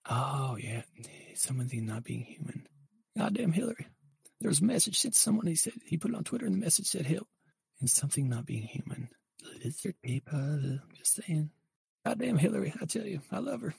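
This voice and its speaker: A man's voice: a little high, very animated, brisk, creaky, darkish tone, breathy edge, dry recording, pitched above the performer's own voice, full character voice. A man putting on the voice of a crude, boastful aging politician who drawls through profane confessions. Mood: boastful, sleazy.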